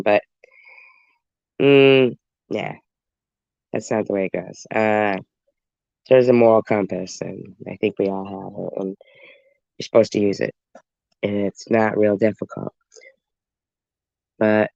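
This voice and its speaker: Taking it slowly with long pauses, a congested livestream host rambles straight to his viewers in a fairly low, gravelly, darkish voice with fairly even intonation. The dry recording has dull, lo-fi stream quality.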